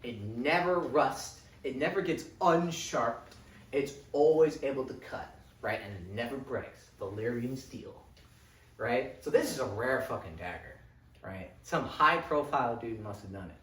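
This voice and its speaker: A young man giving a casual, rambling book recap, animated and full of "like" and "right?". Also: medium pitch, a little slow. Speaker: lecturer. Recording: echoey room, distant mic.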